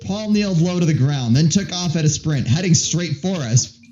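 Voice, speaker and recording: Man reading a game aloud, dark voice. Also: a little high, expressive, normal speed. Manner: playful, laughing, reads the narration. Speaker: let's play host. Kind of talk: reading a visual novel aloud with a partner. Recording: slightly dull recording with faint music.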